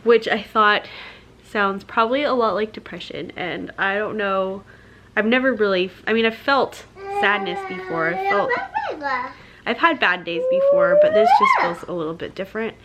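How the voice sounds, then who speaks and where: A young woman, a stay-at-home mom, talking candidly to the camera at home in a soft, halting and emotional way, with many pauses and fillers. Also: mid-range voice, sing-song, heavy background noise. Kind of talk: candid vlog chat. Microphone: camera mic.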